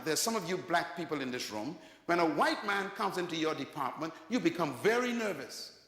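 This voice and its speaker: A man's voice: a little high, vocal fry. A man preaching a sermon, telling stories with laughs and sudden calls to his listeners. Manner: animated storytelling preacher with laughs and call-outs. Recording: echoey hall.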